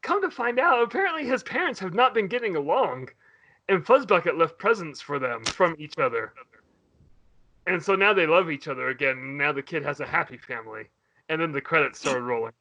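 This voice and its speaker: A man hosting a podcast in casual chat, telling a story in an animated way. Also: a little high, a little fast, muffled recording. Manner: animated, swears and laughs while retelling. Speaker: podcast host.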